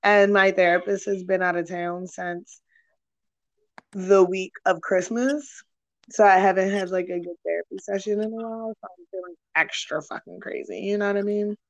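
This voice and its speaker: A woman's voice: mid-range voice, fairly even intonation, normal speed, dull audio. A young woman hosting a candid podcast chat, talking frankly and with lots of swearing, rambling through her thoughts with many fillers. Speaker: podcast host.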